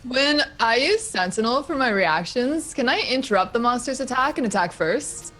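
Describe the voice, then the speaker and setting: A woman's voice: on the high side, animated, normal speed, fairly bright tone, faint music behind. A woman playing a tabletop game, joking and giggly. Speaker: player.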